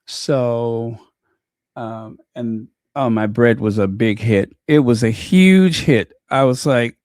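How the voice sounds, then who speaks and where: A man's voice: mid-range voice, takes it slowly, darkish tone, no room sound. A man hosting a casual livestream, chatting in a rambling way with many fillers and restarts, close to the mic. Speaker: channel host.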